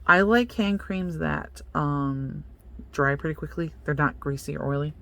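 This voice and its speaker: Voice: mid-range voice, lively intonation, normal speed, a bit bright. A young adult beauty vlogger in casual unboxing chat, chatty and playful, joking about themself and talking straight to the products. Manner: self-mocking.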